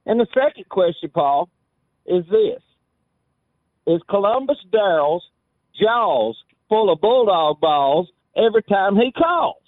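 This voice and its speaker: A man calls in over a tinny phone line, his high voice swooping up and down as he ribs the host in a mocking, sing-song way. The sound is dry and narrow. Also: sing-song, takes it slowly, no room sound. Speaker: caller. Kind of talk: trash-talking call-in banter.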